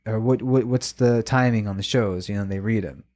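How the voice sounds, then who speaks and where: A man co-hosting a podcast, telling a story in casual chat, emotional and animated, swearing a lot. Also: lowish voice, normal speed. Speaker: podcast co-host.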